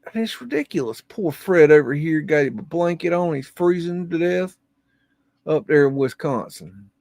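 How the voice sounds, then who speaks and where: A man hosts a live stream in a gravelly, slightly high voice. He muses aloud in a folksy, casual way. The sound is close and dry. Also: expressive, moderate pace, darkish tone, no echo. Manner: folksy, drawling, musing aloud. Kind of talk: casual commentary on old photos.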